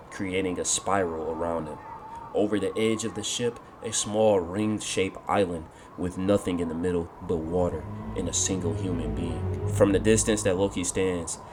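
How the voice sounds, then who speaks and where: A deep-voiced man narrates a scripted fan story, laying out each move of a fight in steady, blow-by-blow sentences. Loud music runs underneath the whole reading. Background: background music.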